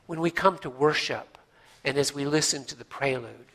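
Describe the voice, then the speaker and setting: Bright-voiced pastor preaching gently. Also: male voice, on the high side. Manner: storytelling, gentle pauses, drops to near-whispers for emphasis; folksy, with frequent uh fillers. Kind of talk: sermon.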